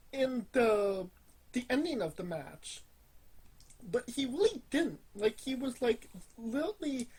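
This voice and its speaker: A woman co-hosting a podcast, talking casually and hesitantly with many pauses and restarts. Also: fairly high pitch, darkish tone, husky, low-quality recording. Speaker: podcast co-host. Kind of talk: casual wrestling chat.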